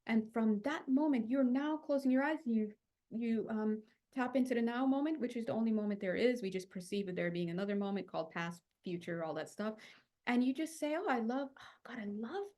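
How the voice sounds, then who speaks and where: Young woman, spiritual teacher, chatty and animated, slightly high voice. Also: a little fast. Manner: animated, chatty, many fillers and restarts. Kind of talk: channeled spiritual talk.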